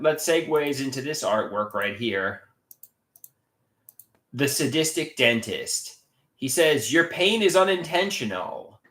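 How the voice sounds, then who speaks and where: On a casual livestream, this man talks about his art in an agitated way, cursing, looping back, and starting sentences over. His voice is a little high with a sharp tone, and the sound is reverberant.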